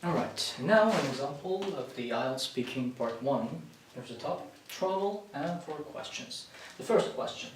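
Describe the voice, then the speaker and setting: A man's voice: medium pitch, animated, normal speed. A man whose first language is Russian teaches an English speaking-exam lesson, explaining tips and often restarting and correcting himself. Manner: instructive, with frequent restarts and self-corrections. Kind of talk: spoken exam-prep lesson. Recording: very echoey room, far from the mic, faint hiss.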